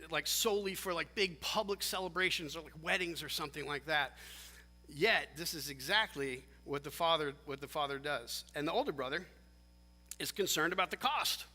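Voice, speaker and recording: A man preaching a sermon as pastor, animated and emphatic, often restarting his phrases. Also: a little high. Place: church sanctuary. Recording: long church hall reverb.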